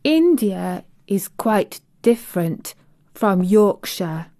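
A woman voicing a blunt, prim young English girl with a sharp manner. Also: mid-range voice, unhurried, lightly acted.

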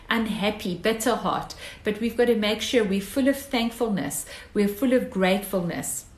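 A woman's voice: a little high, roomy sound, rough recording. A woman preaching a sermon in an earnest, exhorting way, driving her points home with repeated phrases.

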